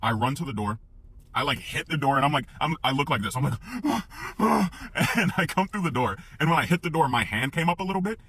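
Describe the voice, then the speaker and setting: A young man telling a personal story in a casual, profane, animated way, acting out the sounds as he goes. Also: fairly high pitch, quick pace, dry recording.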